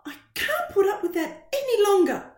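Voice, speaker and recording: A woman voicing an exasperated mother who is fed up with the family dog's smell, in a shrill, indignant storybook voice. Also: very animated, moderate pace. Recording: roomy echo.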